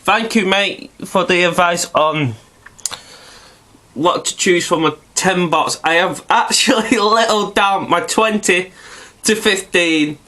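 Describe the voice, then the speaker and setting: A man talks slowly and loosely in a casual video review, his voice bright and a little high. Hay fever leaves him stuffed up and nasal. He rambles from topic to topic and swears casually. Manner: chatty, meandering, swears casually.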